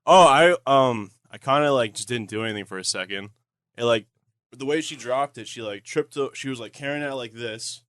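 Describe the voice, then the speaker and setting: A man's voice: mid-range voice, fairly quick, fairly bright tone, clean tone, no echo. A young man co-hosting a podcast, telling a story in a rambling way full of fillers. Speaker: podcast co-host. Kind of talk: casual storytelling.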